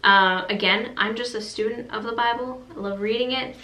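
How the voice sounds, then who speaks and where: A young woman leads a casual Bible study, her tone earnest and conversational as she reads verses aloud and explains them. Her voice is bright and forward. The room around her rings with a noticeable echo. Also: fairly high pitch, steady tone, normal speed.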